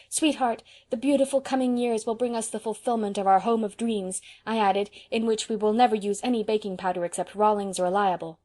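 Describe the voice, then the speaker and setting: A woman reading an audiobook, voicing a lively young woman who chatters eagerly and proudly. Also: mid-range voice, close to an everyday voice. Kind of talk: audiobook character voice.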